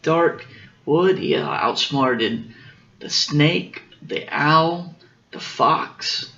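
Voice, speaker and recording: Slow, gravelly dad reading aloud. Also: male voice, medium pitch, muffled recording. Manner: gentle, explains as he reads. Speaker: father reading a bedtime story. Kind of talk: storybook read-aloud with explanations.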